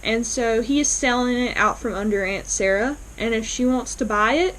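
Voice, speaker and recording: A woman's voice: on the high side, normal speed, a bit bright, slight background noise, low-quality recording. A woman vlogger casually recapping a TV episode, retelling scenes in a chatty way with fillers.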